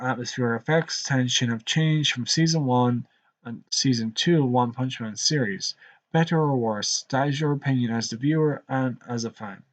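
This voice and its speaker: A man with a rural Irish accent, rambling conversationally as he streams his commentary straight to his viewers. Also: mid-range voice. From Ireland. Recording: dull lo-fi live stream audio.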